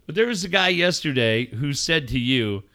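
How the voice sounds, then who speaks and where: A man's voice: fairly high pitch, lively intonation, normal speed, pushed and bright. A man, a sports radio host, joking and ribbing his co-host in casual podcast banter, swearing freely. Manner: joking, mock-emotional, profane.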